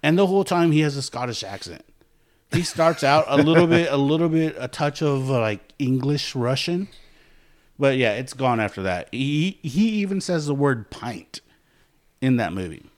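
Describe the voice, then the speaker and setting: A man who is a regular guest on a podcast, chatting casually in an animated, joking way. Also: medium pitch. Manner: animated, quick to laugh and joke. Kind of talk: casual chat.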